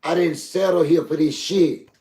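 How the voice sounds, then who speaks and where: A man's voice: on the high side, fairly even intonation, normal speed, dark tone, echoey room. An older man, talking heatedly and directly to his live stream chat. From Southern US. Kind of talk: emotional live stream talk.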